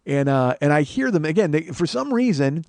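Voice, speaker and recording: Fast-talking, high-voiced man telling a profane story. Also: dry recording. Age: 40s. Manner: animated, profane, acts out the people in his story. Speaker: comedy podcast host. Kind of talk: comic storytelling monologue.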